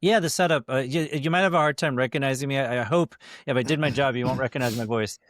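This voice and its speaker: A man's voice: mid-range voice, quick pace, no room sound, clean studio sound. Talkative male actor on a podcast. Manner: talkative and rambling. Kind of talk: casual interview chat.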